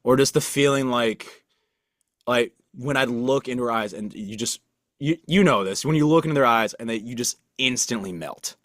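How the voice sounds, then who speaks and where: Young man, podcast co-host, mid pitch, rambling, self-deprecating, dry close sound. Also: normal speed, a bit bright, no room sound. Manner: rambling, self-deprecating, many restarts and fillers. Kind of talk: casual chat.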